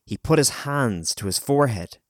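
A man narrating an audiobook chapter in a measured, dramatic storytelling manner. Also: medium pitch, animated, dry recording, studio quality.

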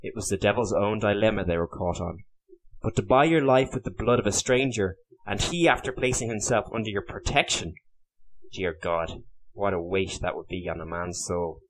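A man reading a historical novel aloud as an audiobook narrator, in a measured storytelling manner. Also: lowish voice. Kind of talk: scripted narration.

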